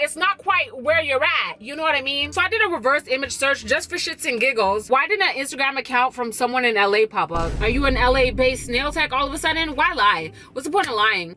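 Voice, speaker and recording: Bright-voiced woman telling an exasperated story. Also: fairly high pitch, rough recording. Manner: animated, exasperated and blunt, with swearing. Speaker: storytime vlogger. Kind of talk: storytime vlog.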